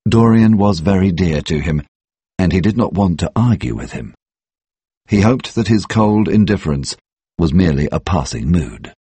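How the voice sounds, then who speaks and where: Deep-voiced male audiobook narrator. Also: slightly rough, no echo. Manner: measured and even storytelling.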